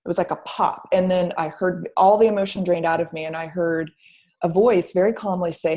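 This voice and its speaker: A woman with a somewhat low voice shares a deeply personal story with an interviewer. She talks candidly and casually, slipping into the voice of her past self and swearing now and then. Her speech is full of restarts and repeated words. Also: a little fast. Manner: animated, quotes her own past thoughts, casual swearing; repeats words, many fillers. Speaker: guest telling her story.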